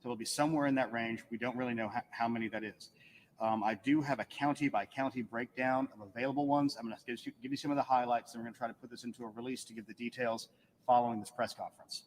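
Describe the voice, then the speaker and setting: A man's voice: mid-range voice, steady tone, quick pace, slight background noise. A man, an election official giving a matter-of-fact press briefing and reading out figures with dry asides. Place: press room. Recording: echoey hall with faint room ambience.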